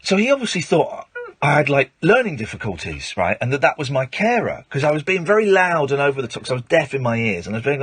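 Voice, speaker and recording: A man's voice: a little high, sing-song, quick pace, fairly bright tone, husky, no room sound. A man hosting late-night radio, telling a rambling story full of fillers and restarts into a studio microphone. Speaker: radio host.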